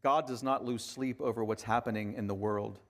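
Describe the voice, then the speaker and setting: A man delivering a sermon as a pastor, talking conversationally and swinging from hushed, quiet lines to emphatic ones. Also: medium pitch, steady tone, moderate pace.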